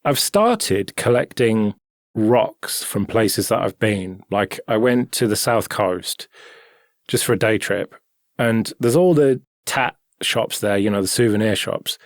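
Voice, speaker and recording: A man with a fairly low voice chats in a relaxed, matter-of-fact way. He is recorded dry and close. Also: takes it slowly, dry recording. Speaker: podcast host. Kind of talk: casual chat.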